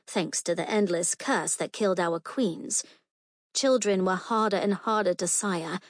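Brief: female first-person audiobook narrator, earnest and emotional, mid-pitched, dry close mic. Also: dry recording.

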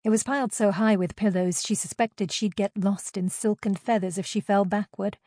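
A woman narrating a novel as an audiobook in a steady, even reading voice. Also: medium pitch, normal speed, no room sound, studio quality.

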